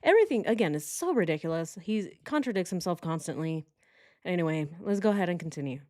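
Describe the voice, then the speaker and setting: A woman's voice: lowish voice, expressive, fast, warm tone. A woman giving casual true crime reaction commentary, indignant and exclamatory, with mocking impressions.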